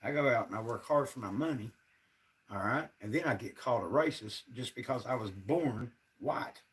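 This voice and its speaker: A man's voice: mid-range voice, expressive, moderate pace, recorded from a distance. A man, ranting to his viewers on a casual livestream, sounding frustrated and fed up. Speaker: livestream host.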